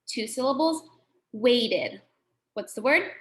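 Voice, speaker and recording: A woman teaching a children's phonics lesson, sounding out words slowly and patiently. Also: fairly high pitch, lively intonation.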